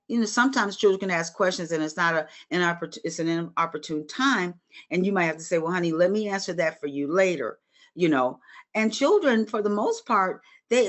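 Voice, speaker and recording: A woman in her sixties teaching a Bible study in an earnest, motherly, conversational way, speaking straight to her listeners. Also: on the low side.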